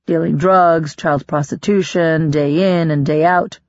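A man's voice: fairly high pitch, steady tone, a little slow, no echo, dull audio. A reader voicing a wry man who makes irreverent jokes. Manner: wry, joking. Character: man, crew member, joking and irreverent.

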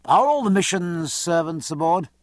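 A man reading the part of a commanding male naval captain who gives brisk, clipped orders. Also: fairly high pitch, expressive, a bit bright, dry recording, clean studio sound.

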